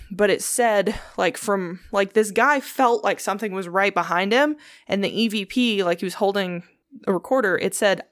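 A woman's voice: medium pitch, dry recording. A woman hosting a podcast, retelling a story in a loose, casual way. She swears freely and acts out the lines of the people in it. The sound is dry and close, with no room around her. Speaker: podcast host.

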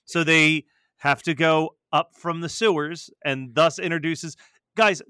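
Man in his thirties, bright voice, animated swearing chat, dry close mic. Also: on the high side, unhurried, smooth, dry recording. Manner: animated, swears freely, riffs on a show. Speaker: podcast co-host. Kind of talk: casual chat.

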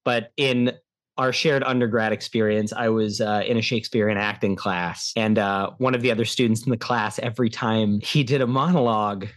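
A man's voice: fairly low pitch, fairly even intonation, moderate pace. A young man from the United States co-hosting a film podcast, chatting casually and rambling with many restarts. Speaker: podcast co-host.

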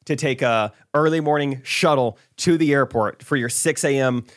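A man co-hosting a casual podcast, laughing often as he tells a story. His voice sits at a plain middle pitch. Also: moderate pace, dry recording, clean studio sound. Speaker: podcast co-host. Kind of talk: casual chat.

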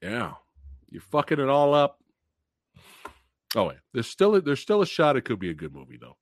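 Profane, animated male movie streamer. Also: mid-range voice, normal speed, no room sound, studio quality. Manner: profane, animated, laughing and booing. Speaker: movie reaction streamer host. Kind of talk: live stream trailer reaction.

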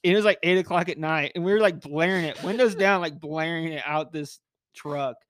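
A man's voice: on the high side, a little fast. Upbeat young man telling stories. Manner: laughing, animated retelling with quoted voices. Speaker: podcast co-host. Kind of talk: casual storytelling chat.

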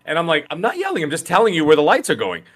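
A middle-aged man from Canada co-hosting a casual podcast chat, talking loudly and emphatically. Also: a little high, very animated, very fast. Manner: loud, emphatic delivery. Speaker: podcast co-host.

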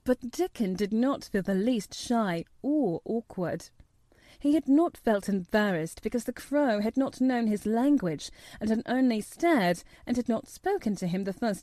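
Woman reading a kids storybook aloud, lively sing-song tone, warm mellow voice. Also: medium pitch, measured pace, no echo. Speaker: narrator. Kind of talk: storybook narration.

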